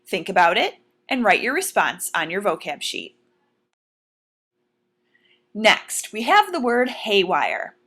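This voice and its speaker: Lively-voiced teacher explaining vocabulary. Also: female voice, medium pitch. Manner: clear, deliberate teacherly explanation with questions to students. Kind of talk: recorded vocabulary lesson.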